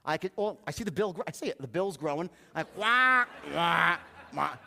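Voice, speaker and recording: A man's voice: fairly high pitch, lively intonation, fast, a little mellow, a little hiss or hum. A man giving a motivational sales seminar, profane and anecdotal, acting out the dialogue in his stories.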